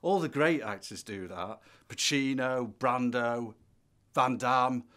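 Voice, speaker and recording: A man's voice: mid-range voice, slow pace, fairly bright tone. A man playing a vain, dim aspiring actor, earnest and self-important.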